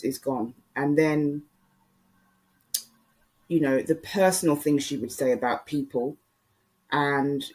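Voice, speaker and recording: A YouTube commentator giving a casual, opinionated monologue and speaking directly to viewers and other creators. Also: medium pitch.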